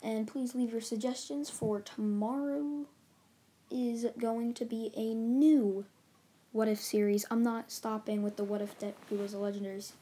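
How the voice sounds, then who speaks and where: Flat, mellow-voiced woman retelling a story. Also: fairly high pitch, normal speed. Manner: rambling, loose retelling with many restarts and "like"s. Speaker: channel host. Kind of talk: casual storytelling recap.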